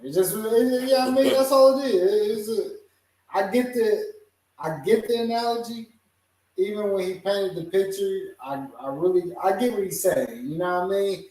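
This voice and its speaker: A man's voice: high-pitched, moderate pace, darkish tone. A man hosting a casual podcast chat, easygoing, laughing often and hedging with fillers. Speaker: podcast host. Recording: echoey room, voice far from the mic.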